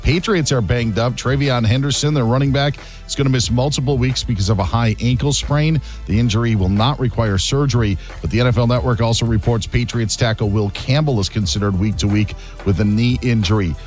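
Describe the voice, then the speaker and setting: A man delivering a sports news update in a steady, matter-of-fact way. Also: medium pitch, brisk, faint music behind.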